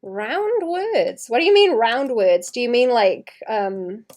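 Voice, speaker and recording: A woman's voice: a little high, animated, slow, darkish tone. A young woman with a light Welsh accent, chatting casually and rambling as she draws on a live stream, laughing often. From Wales. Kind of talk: casual livestream chat while drawing.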